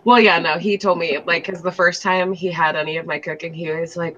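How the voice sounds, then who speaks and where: A woman's voice: lowish voice, little pitch movement, a little fast, hardly any pauses, sharp tone, poor audio. A woman in a casual chat, telling stories chattily and acting out other people's lines. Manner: chatty storyteller, lots of fillers and acted-out quotes.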